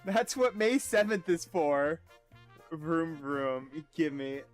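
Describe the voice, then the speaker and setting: A man's voice: high voice, animated, soft background music. A man streaming a video game, chatting casually and profanely with his viewers and joking at his own expense. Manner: profane, self-mocking, quick asides to chat. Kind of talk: casual game livestream chat.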